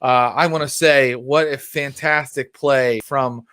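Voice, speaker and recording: A man's voice: medium pitch, steady tone, a little slow, fairly bright tone, clear, resonant tone, no echo. A man running a tabletop role-playing game as storyteller, narrating in a loose, chatty way with fillers.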